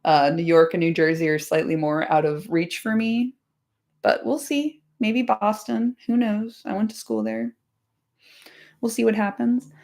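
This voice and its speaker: A woman's voice: medium pitch, measured pace, creaky, a little mellow. Giggly, chatty woman host. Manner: chatty, laughs often, says "like" constantly, swears casually. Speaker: podcast host. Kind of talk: casual livestream chat.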